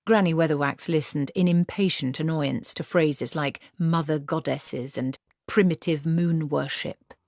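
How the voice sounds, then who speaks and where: Brief: woman narrator, low voice, measured audiobook read, dry close sound. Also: darkish tone, no echo. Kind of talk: reading a novel aloud.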